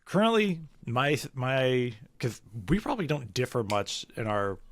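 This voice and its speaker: A man's voice: medium pitch, big pitch swings, a little slow, no echo, studio quality. A man co-hosting a comedy podcast in easygoing casual chat, laughing often. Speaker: podcast co-host.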